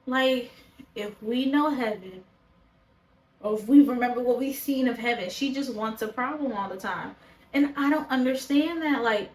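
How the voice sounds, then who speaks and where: A woman with a slightly high voice talks straight to camera about a show she is reviewing. She is blunt, opinionated and swears casually. Her voice bounces around an echoey room. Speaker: show reaction vlogger. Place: indoors, talking to a camera.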